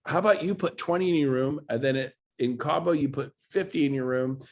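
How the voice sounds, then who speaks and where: Speaking at a brisk clip with a medium pitch and a darkish tone, this real estate coach runs a motivational webinar on a video call. He is emphatic and pushy with his audience, frequently rising into exclamations.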